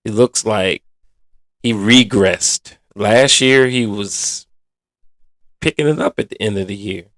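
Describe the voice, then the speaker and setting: A man's voice: fairly low pitch, takes it slowly, long pauses, fairly bright tone, dry recording. A man hosting a sports podcast in a casual, blunt and exasperated manner, full of colloquial slang. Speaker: podcast host.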